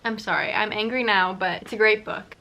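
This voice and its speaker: A young woman recording a casual book vlog in her bedroom, chatty and emotional, going from hushed to excited. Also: mid-range voice, fairly quick. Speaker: book vlogger.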